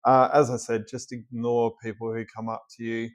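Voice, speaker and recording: A man's voice: mid-range voice, monotone, moderate pace. A man with an Australian accent, casually commenting on a clip and giving plainspoken, practical advice. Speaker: reaction video host.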